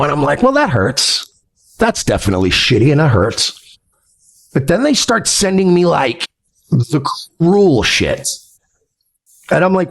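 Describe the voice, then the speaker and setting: A man with a gravelly, creaky voice vents bitterly on his livestream. His pitch swings widely as he swears through the story, sitting a little higher than most men's. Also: very animated, a little slow. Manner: bitter, venting, swearing freely. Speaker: streamer host. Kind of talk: emotional livestream monologue.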